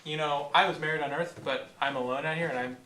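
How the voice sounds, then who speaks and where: A man's voice: on the high side, fairly even intonation, fast talker, bright, forceful tone, echoey room, far from the mic, a little hiss or hum. A man hosting a comedic talk show, jokey and showman-like in a loose, earnest way. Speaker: host.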